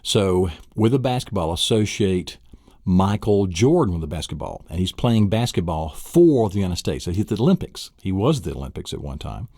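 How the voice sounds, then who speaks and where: A man's voice: low voice, warm tone, no room sound, clean studio sound. A man teaching a memory technique, quizzing the listener with questions he answers himself. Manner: enthusiastic, asks and answers his own questions. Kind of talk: spoken lesson walkthrough.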